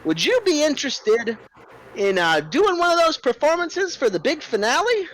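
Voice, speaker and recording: Pushy circus ringleader, high and bouncy, voiced by a man. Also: sing-song, a bit bright, full character voice, poor audio. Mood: eager. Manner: fast-talking, wheedling salesman patter. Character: pushy short fat male ringleader, eager showman.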